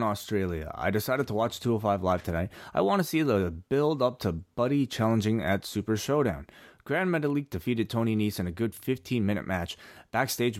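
A man co-hosting a casual chat podcast while sick, animated and hesitant, often restarting his sentences. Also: fairly low pitch, dry recording, clean studio sound. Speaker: podcast co-host.

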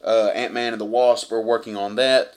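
A man with a fairly low voice, recapping a film with breathless enthusiasm. He swears often, restarts his sentences and piles one action onto the next. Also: level tone, moderate pace, clear, resonant tone. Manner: profane, effusive, rambling retelling. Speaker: movie reviewer. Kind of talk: excited movie recap.

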